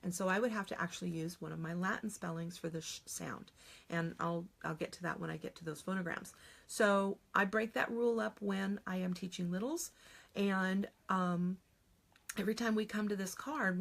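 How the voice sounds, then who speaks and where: A woman's voice: lowish voice, gravelly. A middle-aged woman teaching a phonics lesson on video, explaining patiently step by step and modeling each sound aloud.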